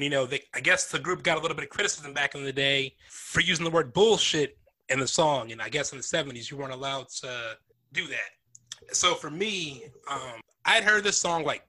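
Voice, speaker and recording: A man's voice: fairly high pitch, rough recording. A man in his forties co-hosting a music podcast, casually giving background on songs. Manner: relaxed, explains song background. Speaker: podcast co-host.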